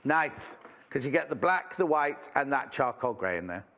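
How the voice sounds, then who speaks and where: A man's voice: mid-range voice, expressive, moderate pace, a bit bright. A man from England presenting a live sewing shopping show, chatty and enthusiastic with self-mocking asides. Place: TV studio.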